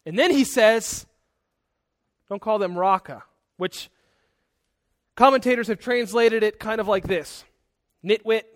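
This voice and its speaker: A high-pitched man preaches a sermon with animation, quick to act out angry outbursts. He also drops in self-correcting asides.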